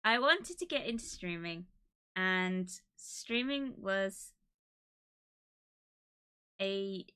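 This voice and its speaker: A woman streamer from the UK chatting casually to her live audience, emotional and laughing, with many pauses and fillers. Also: medium pitch, lively intonation, sharp tone, clean tone. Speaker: streamer hosting an anniversary stream.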